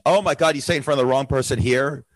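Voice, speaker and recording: A man's voice: medium pitch, very fast, no room sound, low-quality recording. American male comic guest, easygoing banter, dry close mic. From USA. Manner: chatty, joking. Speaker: comedian, guest. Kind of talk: casual chat.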